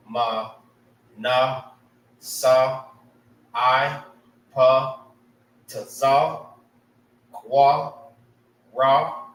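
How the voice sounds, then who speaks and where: A man's voice: mid-range voice, fairly bright tone, roomy sound, far from the mic, low-quality recording. A man teaching a casual language lesson, spelling out sounds and often checking in with "right?".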